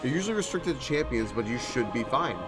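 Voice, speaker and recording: A man voicing a calm male prophet who keeps a shrine in a game, reading the lines in a measured way. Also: medium pitch, music in the background, natural voice.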